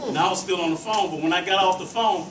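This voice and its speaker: A man's voice: sits high, fast, noisy background. A man leading a chess program, giving an earnest, preacherly speech at a community meeting in a hall. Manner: earnest, preacherly, rising to fervor. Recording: echoey hall, distant mic, crowd.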